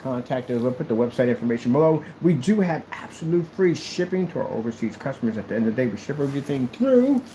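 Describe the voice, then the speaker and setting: A man's voice: mid-range voice, sing-song, fast talker, few pauses, warm tone, a little hiss or hum, rough recording. A man presenting a product in a casual demo video, talking in a playful, exaggerated sales manner.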